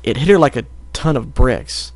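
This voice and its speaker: This amateur audiobook features a man reading fan fiction, with occasional stumbles he goes back to correct. He speaks expressively at a moderate pace in a mid-range, darkish-toned voice, recorded without echo.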